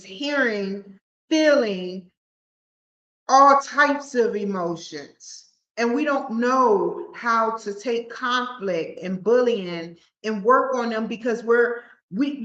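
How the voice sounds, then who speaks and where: A woman's voice: fairly high pitch, fairly bright tone. Rambling woman podcaster, roomy lo-fi sound. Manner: rambling, with frequent restarts and stumbles. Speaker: podcast host. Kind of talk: casual solo podcast talk.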